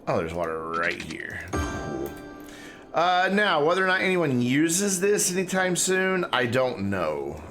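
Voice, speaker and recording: A man's voice: fairly high pitch, wildly swooping pitch, measured pace, over music. A man giving casual, chatty live-stream commentary while playing a game, talking to himself and to his chat. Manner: talking with mouth full.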